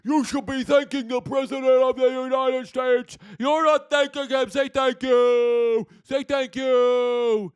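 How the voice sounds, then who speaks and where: Figure: shrill, whiny scolding politician, as a man puts him on. Squeaky-high, strained, slow demands. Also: fairly even intonation, clear, resonant tone. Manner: whiny, insistent, drawn-out demands.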